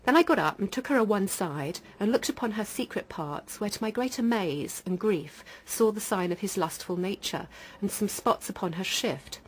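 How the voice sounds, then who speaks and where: A woman's voice: mid-range voice, animated, normal speed, husky, poor audio. A woman reading aloud, in the first person, a mother's sworn court testimony from an old record.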